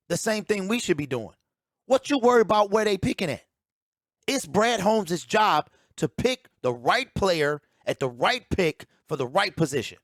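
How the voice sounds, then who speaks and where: A man's voice: sits high, no echo. A man giving opinionated sports talk as a commentator, emphatic and ranting, repeating his key points on a close mic.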